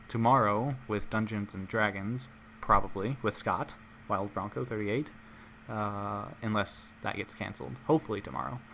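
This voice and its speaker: A man's voice: fairly low pitch, vocal fry, a bit bright, slight background noise. A man hosting a live stream in casual chat, rambling and making self-mocking jokes. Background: music playing.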